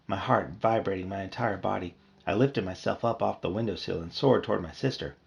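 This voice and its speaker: Gravelly-voiced man reading a spooky story. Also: sits low, fairly quick, muffled recording. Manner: expressive storytelling. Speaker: reader. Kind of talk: reading a children's horror book aloud.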